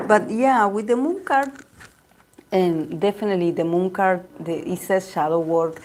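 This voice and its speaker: A woman's voice: medium pitch, moderate pace, a little mellow, a little hiss or hum. A woman giving a casual tarot reading, rambling and repeating herself with lots of fillers. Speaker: tarot reader.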